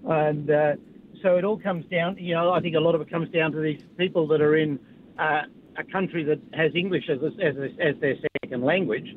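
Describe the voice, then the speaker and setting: A man calling in to a radio show on the phone, halting and repeating himself as he talks. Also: a little high, fairly even intonation. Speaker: caller. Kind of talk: talkback call. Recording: tinny phone line with light hiss.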